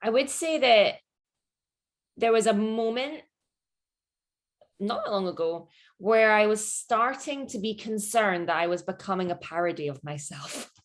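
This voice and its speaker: A woman's voice: mid-range voice, animated, a little slow, long pauses. Scottish woman chatting away in an interview, lots of likes and laughs. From Scotland. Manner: chatty, laughs often, many "like" fillers. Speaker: guest. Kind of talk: casual interview chat.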